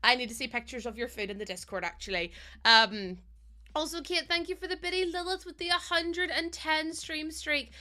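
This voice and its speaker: A woman's voice: high voice, normal speed, bright, forceful tone. A woman live streamer chatting casually and giggling as she greets her chat.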